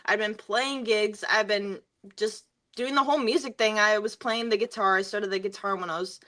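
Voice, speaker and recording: A woman's voice: mid-range voice, steady tone, normal speed, pushed and bright. A young woman, a singer and interview guest, telling stories casually with lots of fillers and frequent laughter. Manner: chatty, filler-heavy, laughs often while telling stories.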